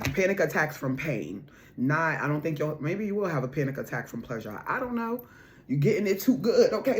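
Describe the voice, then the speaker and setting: A woman's voice: low-pitched, slight background noise. A woman giving a casual spiritual card reading to her viewers, repeating her points with emphasis and calling the listener boo and honey. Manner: bursts into loud laughter and raised voice when excited.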